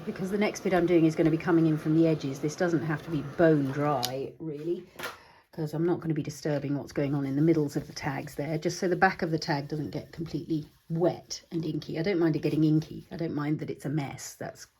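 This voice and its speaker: A chatty woman demonstrating a craft at her desk, talking through each step as she works. Her voice sits a little low, and she thinks aloud and addresses her supplies. Faint clicks and noise from the work sit behind her. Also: fairly even intonation, brisk, dark tone. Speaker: craft tutorial host. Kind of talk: casual demonstration while crafting.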